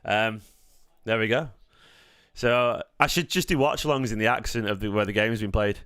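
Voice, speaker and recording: A man with a Mancunian accent chats casually on a live stream, rambling and jokey with the odd swear. His voice is smooth and clear, and the recording is dry and close. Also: on the low side, fairly even intonation, moderate pace, a bit bright, dry recording. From Manchester, England. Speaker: fan channel host.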